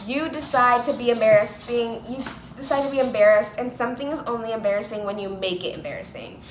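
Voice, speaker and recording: A woman's voice: on the high side, fast talker. A young woman vlogger telling personal stories in a casual, chatty way, full of "like", and acting out what people said. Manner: chatty, lots of "like", acts out quoted voices. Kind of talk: casual storytelling to camera. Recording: echoey room with clear ambient noise.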